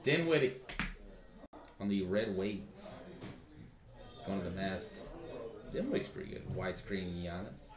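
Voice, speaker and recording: A man's voice: sits low, sing-song, a little slow, pauses often. A man hosting a live card break, rattling off card names and joking with others. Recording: echoey room with crowd noise.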